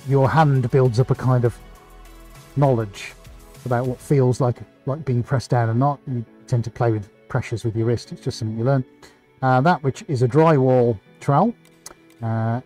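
Man, live-stream host, casual chatty talk, warm relaxed tone, soft background music. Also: mid-range voice. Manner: chatty, reads out viewer greetings with small restarts. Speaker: painter hosting a live stream.

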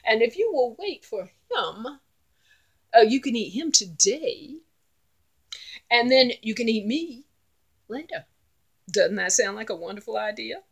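A woman with a Southeastern North Carolina accent voicing a crafty male billy goat who talks smoothly and persuasively. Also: on the high side, expressive, unhurried, pauses often, pitched above the performer's own voice, exaggerated voice. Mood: wheedling.

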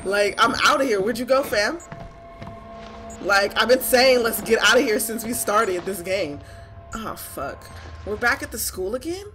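A woman's voice: on the high side, animated, measured pace, sharp tone, faint music behind. Jumpy, swearing woman gamer. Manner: jumpy, swearing, shrieking when scared. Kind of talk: let's play commentary.

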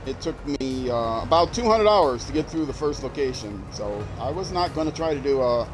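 A man's voice: medium pitch, expressive, normal speed, music in the background, low-quality recording. A man streaming a game, chatting casually as he plays, musing aloud and restarting his sentences. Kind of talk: casual gameplay commentary.

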